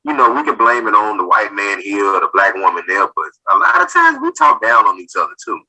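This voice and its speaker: A man's voice: fairly low pitch, wildly swooping pitch, fast talker, bright, forceful tone, rough recording. A man on a discussion panel, making an emphatic point and repeating words as he builds it. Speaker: panel guest. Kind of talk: casual group discussion.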